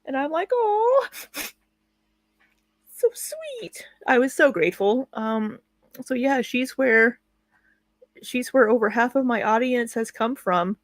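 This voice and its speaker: A woman commentates on a live stream, her voice pitched somewhat high and recorded dry, with no room sound around it. She is blunt and sarcastic, swearing casually and laughing at her own jokes. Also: unhurried, no room sound. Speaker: reaction commentator.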